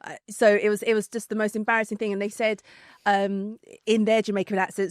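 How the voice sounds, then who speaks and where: A woman with a London accent, a podcast guest telling a story in casual chat, animated, laughing often, with many fillers and restarts. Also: medium pitch, fast talker, clean tone, no echo, clean studio sound.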